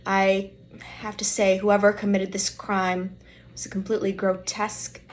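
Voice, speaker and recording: A woman's voice: mid-range voice, completely flat delivery, moderate pace, lightly acted. A woman doing a grave lead detective. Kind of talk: mock documentary testimony.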